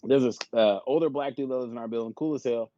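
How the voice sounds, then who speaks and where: A man co-hosting a podcast, telling animated stories in casual, profane chat. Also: mid-range voice, fast, dull audio. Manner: animated storytelling with laughs and profanity. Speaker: podcast co-host.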